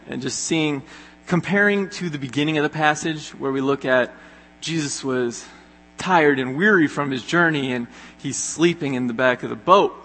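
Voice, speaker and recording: Young male youth pastor, earnest and chatty, bright voice, hall reverb. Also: mid-range voice, gravelly. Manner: earnest, conversational, many fillers. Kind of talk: sermon. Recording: echoey hall with long reverb.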